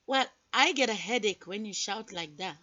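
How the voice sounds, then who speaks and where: A woman voicing a quiet, polite official on the phone who is easily annoyed, in a one-woman comedy skit. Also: medium pitch, animated, moderate pace, pitched below the performer's own voice, close to an everyday voice. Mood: prim. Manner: soft-spoken, prim, easily annoyed. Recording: dull lo-fi webcam recording with loud noise.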